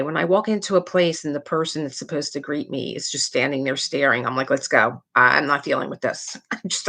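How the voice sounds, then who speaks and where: A middle-aged woman hosting a casual live stream, chatty and rambling, laughing often between stories and peppering her talk with "like". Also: sits low. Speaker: livestream host. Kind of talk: casual chat to a live chat audience.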